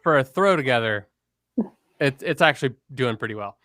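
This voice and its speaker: A man's voice: mid-range voice, lively intonation, normal speed, pushed and bright, no echo, studio quality. A man co-hosting a casual podcast, easygoing and talkative. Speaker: co-host. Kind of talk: casual chat.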